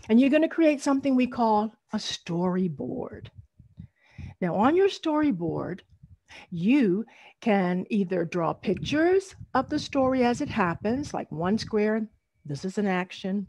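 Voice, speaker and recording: Animated woman teaching a storytelling workshop. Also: mid-range voice, no room sound. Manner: animated, teacherly, drawn-out emphasis. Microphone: video call.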